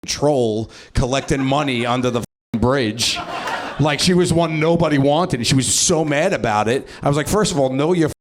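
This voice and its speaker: A man doing improvised stand-up, animated and swearing, often laughing and acting out voices. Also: mid-range voice, normal speed, noisy background. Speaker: stand-up comedian. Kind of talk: improvised stand-up crowd work. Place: comedy club stage.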